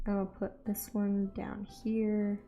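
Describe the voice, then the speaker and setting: A young woman chatting casually as she draws for a video, self-deprecating and quick to laugh. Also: medium pitch, warm tone. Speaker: art vlogger. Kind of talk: casual chat while drawing.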